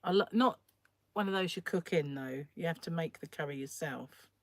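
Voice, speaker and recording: Croaky, chatty woman on a phone livestream. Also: deep voice, normal speed, no room sound. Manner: chatty and rambling, often trails off. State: croaky, keeps clearing throat. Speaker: crochet livestream host. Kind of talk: casual livestream chat while crocheting.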